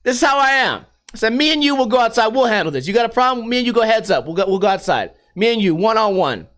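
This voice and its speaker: A middle-aged man with a fairly high voice tells a long story in a casual vlog. He rambles and swears freely, with an animated, storytelling delivery. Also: quick pace. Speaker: vlogger.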